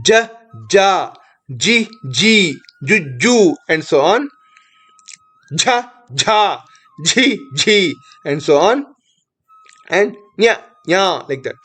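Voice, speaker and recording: A teacher speaks at a very unhurried pace, pausing between syllables. The voice sits at a middling pitch and carries a patient, instructive manner. Each sound is drilled in careful pairs, as if for students following along. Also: a bit bright. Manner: slow, deliberate drilling, each syllable spoken twice. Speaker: Sanskrit teacher. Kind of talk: recorded language lesson.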